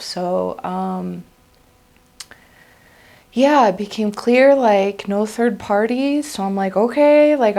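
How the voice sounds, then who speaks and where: A woman speaks slowly and earnestly, sharing a personal faith testimony in her own unscripted words. Her voice sits a little low and carries a noticeable gravelly fry. She sounds confessional and heartfelt. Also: darkish tone. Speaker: vlogger sharing a religious testimony.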